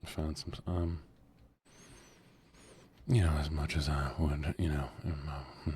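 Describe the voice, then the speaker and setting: A man with an exceptionally deep, dark, mellow voice talks quietly while he streams a game. He drawls along at low volume and often sinks into a whisper close to the mic. A faint hum of noise sits under the voice. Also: steady tone, a little slow, pauses often. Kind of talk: soft-spoken gaming stream.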